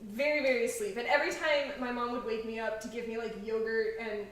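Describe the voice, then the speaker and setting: A chatty young woman hosts a cooking show and tells rambling stories full of "like" and "um". Her voice sits a little high and carries through a very echoey kitchen. She is picked up from some distance off the mic. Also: fairly even intonation, fast, fairly bright tone. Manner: chatty storyteller, many "like"s and laughs. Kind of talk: casual chat while cooking. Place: home kitchen.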